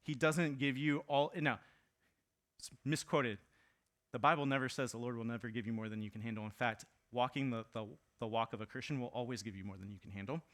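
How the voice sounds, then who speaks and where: A man's voice: mid-range voice, steady tone, fairly quick, fairly bright tone. A man in his thirties preaching a sermon in a casual, conversational way, with fillers and asides, raising his voice to act out quoted lines. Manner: acts out quoted lines in a raised voice. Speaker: pastor.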